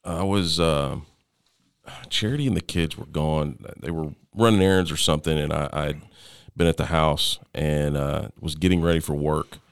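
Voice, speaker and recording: A middle-aged man telling a personal story as an interview guest, halting, with frequent restarts and fillers, often dropping to a quieter level. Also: a bass voice, fairly even intonation, vocal fry, clean tone, no echo, studio quality.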